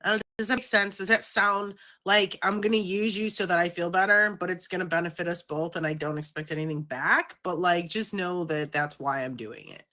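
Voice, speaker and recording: A woman with a bright, clear, forward tone hosts a casual livestream. She rambles in a chatty, self-conscious way and speaks directly to her viewers. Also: on the low side, moderate pace, few pauses. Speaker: livestream host.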